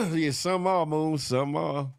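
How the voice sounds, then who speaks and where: Man hosting a comedic commentary show, high-voiced, dry close sound, laughs a lot and names viewers. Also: slow pace, gravelly, smooth, dry recording. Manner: joking and laughing, riffing on the news; reads out and shouts out viewers by name. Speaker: host.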